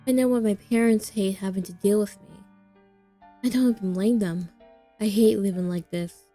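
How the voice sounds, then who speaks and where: A woman's voice: medium pitch, steady tone, moderate pace, mellow, faint music behind, close to an everyday voice. A woman voicing a depressed, exhausted young woman in a visual novel, weary and self-loathing. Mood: bitter, anguished. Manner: weary, hollow, bursts into bitter anger.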